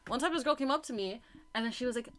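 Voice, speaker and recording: A woman's voice: a little high, rapid-fire. A young woman co-hosting a podcast, chatting casually and acting out quotes as she tells stories. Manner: animated storytelling with acted-out quotes. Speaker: podcast co-host. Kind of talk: casual chat.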